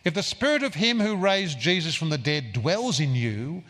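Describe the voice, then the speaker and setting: A man preaching a sermon in a church, earnest and emphatic, stressing phrases slowly. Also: fairly high pitch, sing-song, fairly bright tone, in a large hall.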